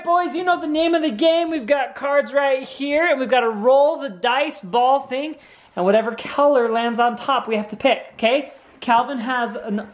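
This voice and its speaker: A woman, a vlogging mother, leading a card game with her small children in an encouraging sing-song way at home. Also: on the high side. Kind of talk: playing a game with young children.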